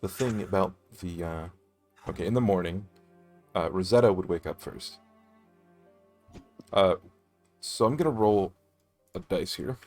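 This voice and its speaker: A man narrates the scene as game master, his low voice rising and falling a lot as he goes. He talks slowly and casually and swears freely, with faint music playing behind him. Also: lively intonation, a little mellow.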